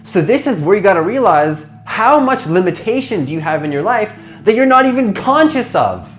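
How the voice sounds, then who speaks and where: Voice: medium pitch, very animated, moderate pace, faint music behind. A transformation coach giving a casual motivational talk, rambling with lots of "like", restarts and rhetorical questions to the listener.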